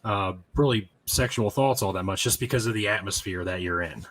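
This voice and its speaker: A man on a veterans panel, explaining in a relaxed casual way with many fillers. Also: fairly low pitch, brisk, crowd noise. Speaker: panel guest.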